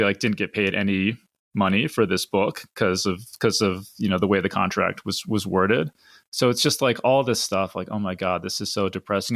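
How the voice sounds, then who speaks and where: A man's voice: lowish voice, a bit bright, no echo, clean studio sound. A man hosting a podcast, talking conversationally with frequent restarts. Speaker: podcast host. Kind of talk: casual discussion.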